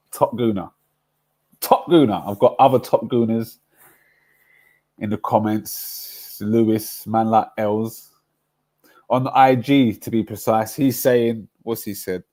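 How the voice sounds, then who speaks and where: A man's voice: fairly low pitch, mellow. A man hosting a casual football livestream, chatty and rambling, often laughing at his own stories. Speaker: livestream host.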